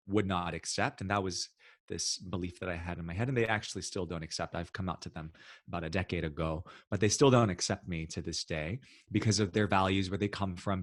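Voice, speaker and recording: A man from New City, a guest in an interview, talking in a reflective, halting way with frequent restarts. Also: deep voice, a bit bright, dry recording, studio quality. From New York City. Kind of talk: casual interview talk.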